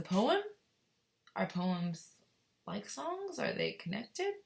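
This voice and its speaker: A woman teacher reading a chapter book aloud to her second graders, expressive and stopping to ask the class questions. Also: mid-range voice, slow, creaky. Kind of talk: reading a novel aloud to children.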